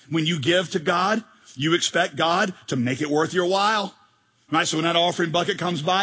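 Sex: male. Role: pastor. Style: sermon. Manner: emphatic, joking, asks rhetorical questions. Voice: high and bright. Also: moderate pace, husky.

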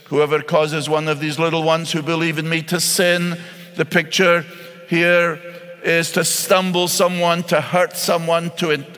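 A man's voice: fairly high pitch, flat delivery, measured pace, fairly bright tone. A man preaching a sermon, earnest and pleading, often repeating words as he presses his point. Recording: long hall reverb.

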